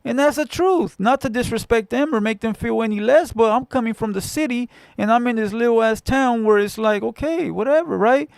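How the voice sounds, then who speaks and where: A man's voice: very high-pitched, normal speed, creaky, hardly any pauses, smooth, no echo. A man from Southern California hosting a casual livestream, telling stories bluntly with lots of profanity and street slang. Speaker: livestream host. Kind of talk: casual livestream chat with viewers.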